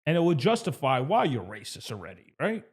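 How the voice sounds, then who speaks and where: Casual male interviewer, slightly higher voice, quick follow-ups. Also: sing-song, husky. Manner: loose, prompting, laughs easily. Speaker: podcast host.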